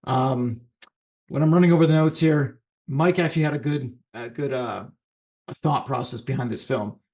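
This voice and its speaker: A man's voice: mid-range voice, moderate pace, darkish tone. A man co-hosting a casual podcast chat about films, rambling and often restarting his sentences. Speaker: podcast co-host.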